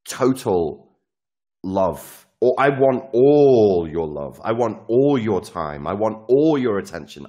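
A domineering fascist dictator, put on by a man mid-monologue, lays out his demands for all love and attention. The voice is deep and low, and he stretches out his words slowly, like a ruler issuing decrees. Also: darkish tone.

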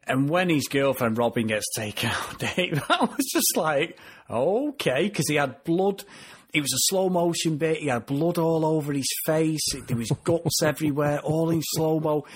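A man's voice: a little high, normal speed, slightly rough. A man co-hosting a TV review podcast, chatting animatedly and laughing often as he talks. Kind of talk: casual review chat.

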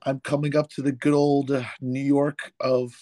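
A man co-hosting a podcast over a remote call, his voice still a little hoarse from a cold, talking in a loose, hesitant way with many fillers. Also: medium pitch, little pitch movement, normal speed, dark tone, no echo. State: slightly hoarse, recovering from a cold. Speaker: podcast co-host. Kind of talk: casual chat.

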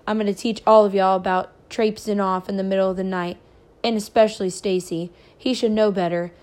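A woman's voice: mid-range voice, steady tone, normal speed, darkish tone, lightly acted. A woman reading aloud, voicing an angry, protective father who speaks firmly. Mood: stern. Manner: firm, scolding, protective. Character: stern angry father, a farmer.

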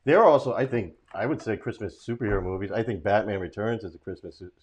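A man's voice: lowish voice, fast, slightly rough. A man who is a guest comedian on a podcast, joking and wisecracking in casual chat.

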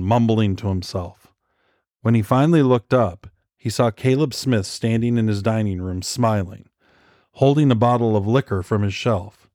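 A man reading thriller narration in an even, measured way. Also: lowish voice, dry recording, studio quality. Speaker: audiobook narrator.

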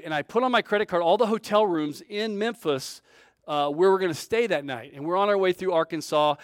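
High-voiced man preaching a lively story. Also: dry recording, clean studio sound. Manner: lively storyteller with big swings in loudness, acting out quoted voices. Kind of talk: storytelling sermon.

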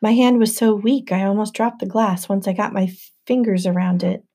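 A woman narrating a novel aloud in the first person with an even storytelling delivery. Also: mid-range voice, fairly quick. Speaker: audiobook narrator.

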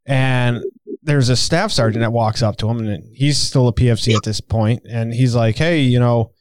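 A man tells a crude anecdote in relaxed chat, laughing easily along the way. His voice sits at an ordinary pitch, recorded dry and close. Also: moderate pace, no room sound. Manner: laughs often, profane anecdotes. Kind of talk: casual storytelling chat.

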